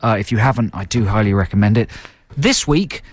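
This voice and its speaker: A man's voice: lowish voice, animated, fairly quick. A man hosting a radio show in casual chat, chatty and laughing often. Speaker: radio host.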